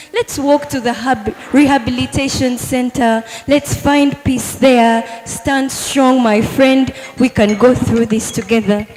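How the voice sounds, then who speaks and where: A woman's voice: high-pitched, a little mellow. A teenage girl performing an earnest spoken word poem at a live competition, speaking straight to a friend. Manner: earnest, addressing a friend directly in verse. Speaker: student poet. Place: large hall at a live competition. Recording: echoey hall with long reverb.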